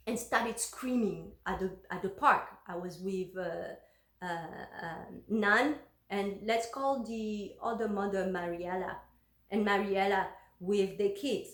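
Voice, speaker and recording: A woman's voice: mid-range voice, slow, roomy sound. A woman telling a personal story in a casual, emotional way, with many fillers and restarts.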